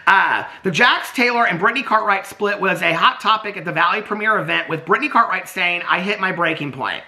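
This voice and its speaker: Gravelly, chatty Southern man. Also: high voice, brisk, sharp tone. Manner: chatty, rambling, trails off and restarts. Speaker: YouTube host. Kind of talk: casual gossip commentary.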